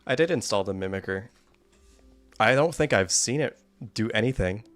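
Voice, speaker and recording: A man's voice: lowish voice, animated, normal speed, a bit bright, faint music behind. A man giving casual, wry gameplay commentary, rambling and often laughing. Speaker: gaming YouTuber.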